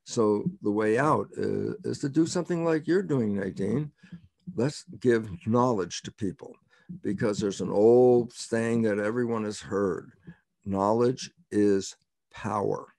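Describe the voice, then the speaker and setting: A man's voice: on the low side, unhurried, creaky, a little mellow, no room sound, clean studio sound. An older man being interviewed as a scientist, explaining in an emphatic way, repeating key words and quoting himself.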